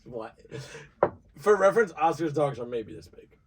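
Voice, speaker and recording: A man co-hosting a casual podcast chat, reacting to his friend's story with quick comments and laughter. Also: on the high side, lively intonation, very noisy. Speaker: podcast co-host.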